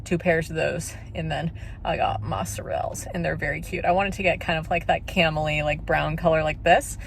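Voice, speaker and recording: A woman's voice: low-pitched, fairly even intonation, brisk, gravelly, a little hiss or hum, low-quality recording. A young woman talking casually to camera in a vlog, full of "like" and "you know". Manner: chatty, peppered with "like" and "you know". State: out of breath after walking uphill. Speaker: vlogger.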